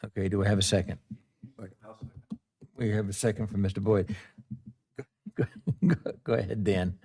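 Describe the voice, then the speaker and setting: Brief: male board chair, low voice, procedural and genial. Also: moderate pace, gravelly, husky. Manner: procedural, relaxed and friendly. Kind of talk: chairing a public meeting. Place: public meeting room.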